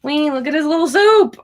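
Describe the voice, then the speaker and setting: A young woman hosting a casual livestream from home, chatty and excitable, breaking into giggles often. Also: a little high. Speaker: livestream host. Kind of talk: casual live chat.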